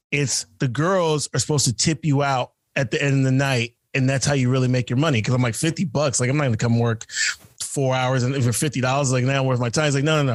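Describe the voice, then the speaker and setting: A man's voice: mid-range voice, no room sound. A man co-hosting a podcast tells a rambling story full of fillers and quoted dialogue over a video call. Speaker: podcast co-host. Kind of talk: casual storytelling. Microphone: remote video call.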